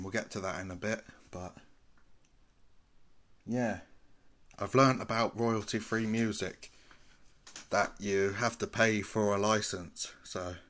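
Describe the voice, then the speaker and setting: Slow-talking rambling man. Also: fairly low pitch, fairly bright tone. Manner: rambling, self-mocking, tongue-tied wordplay. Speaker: podcast host. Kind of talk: casual solo podcast chat.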